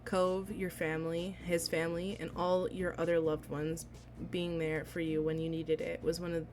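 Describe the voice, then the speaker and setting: A woman streamer reading a visual novel aloud, excitable and giggly, with squealing reactions between read passages. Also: lowish voice, moderate pace, soft background music.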